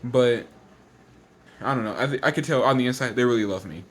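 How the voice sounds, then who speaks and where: A teenage boy vents in a casual vlog, words tumbling out in a rush and circling back on themselves. He sounds a little out of breath and thoroughly exasperated, with a voice sitting at an ordinary pitch for his age. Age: teens. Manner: rushes words out, exasperated and repetitive. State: slightly out of breath. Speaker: vlogger.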